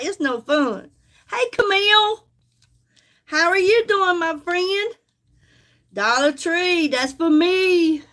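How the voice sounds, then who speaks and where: A woman's voice: high voice, a bit bright. A woman with a Southern US accent chatting folksily with viewers on a casual live stream, calling them honey as she sells.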